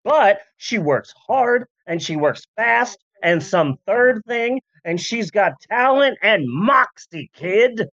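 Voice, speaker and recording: A comedic podcast host rambling through a story at an unhurried pace, the pitch swinging up and down with every joke and aside. The voice sounds dry and close to the mic. The audio is a bit dull and lo-fi. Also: expressive, a bit bright, no echo. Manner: rambling, jokey, full of asides and voice bits. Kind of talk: comedic history podcast chat.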